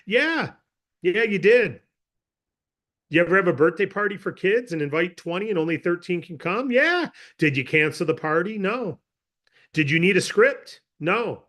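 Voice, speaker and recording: A man's voice: high voice, moderate pace. A man training a sales team, talking with energy and acting out scenarios. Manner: animated, acts out sales scenarios. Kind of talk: motivational sales talk.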